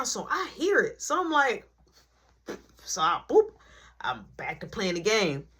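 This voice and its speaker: A man's voice: high-pitched, measured pace, long pauses, husky. A man telling a family story storytime-style, acting out every voice. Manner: animated, acts out every voice. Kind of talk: storytime vlog.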